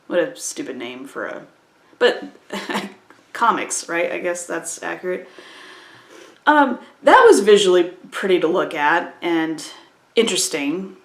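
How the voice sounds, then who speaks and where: A woman's voice: lowish voice, animated, unhurried. Exasperated woman reviewing a movie. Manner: exasperated, with many restarts and quoted asides. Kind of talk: casual spoken review. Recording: echoey room.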